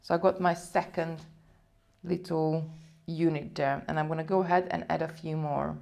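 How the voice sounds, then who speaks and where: Gravelly low-voiced woman teaching beading. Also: flat delivery, moderate pace, darkish tone. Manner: chatty, talks viewers through steps while working. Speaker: beading tutor. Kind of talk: live craft tutorial.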